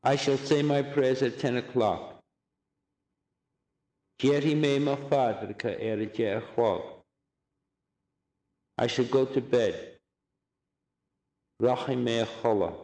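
A man giving a recorded language lesson, saying phrases slowly and repeating each one for drilling. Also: medium pitch, steady tone, darkish tone, echoey room. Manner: slow, deliberate drilling of phrases with repetition. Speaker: language teacher.

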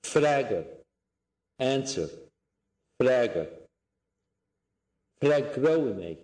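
A man teaching a language lesson, saying each phrase slowly and clearly and repeating it for learners to copy. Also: mid-range voice, animated, darkish tone, reverberant.

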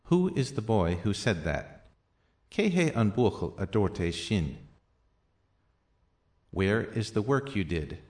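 A man teaching a language lesson, reading out practice sentences and their translations slowly and deliberately, with softer asides. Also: big pitch swings. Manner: slow and deliberate, with soft low asides.

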